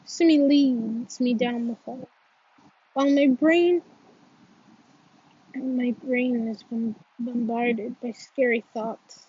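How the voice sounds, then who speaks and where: Woman audiobook reader, high breathy voice, slow and earnest, muffled lo-fi sound. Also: fairly even intonation. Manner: earnest, emotional reading with frequent restarts. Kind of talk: first-person novel reading.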